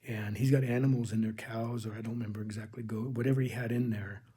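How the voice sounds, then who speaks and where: A man with a husky, somewhat breathy voice tells a spiritual testimony. His tone is dark and mellow, and his delivery is earnest and halting, with frequent restarts as he speaks straight to his listeners as "people". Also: on the low side, fairly even intonation. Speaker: religious video host.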